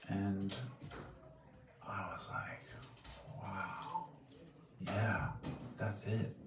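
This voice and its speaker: A man giving a heartfelt devotional offering in a temple hall, earnest and soft-spoken, halting and restarting his sentences. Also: low-pitched. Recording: echoey room, distant mic, faint noise.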